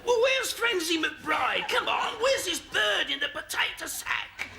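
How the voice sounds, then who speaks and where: An impatient, leering hospital patient who keeps shouting for more. His voice sits very high with a gravelly edge, and his pitch bounces lively. The recording carries a steady hiss. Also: takes it slowly, full character voice. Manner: pushy, eager, shouting. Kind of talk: sketch comedy acting. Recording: hissy old broadcast recording.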